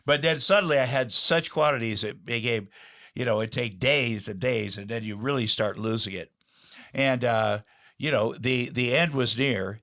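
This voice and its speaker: Middle-aged male guest, rambling storyteller, plenty of ums and restarts, even mid-range voice. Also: mid-range voice, normal speed. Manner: rambling, many fillers and restarts, acts out quotes. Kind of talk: candid storytelling interview.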